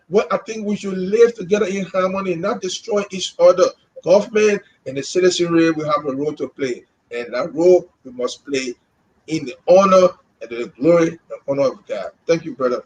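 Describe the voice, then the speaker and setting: A man's voice: on the high side, brisk, a little mellow, low-quality recording. A man with a Liberian English accent co-hosting a live podcast, speaking with passion and often repeating words as he gets stirred up. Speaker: co-host.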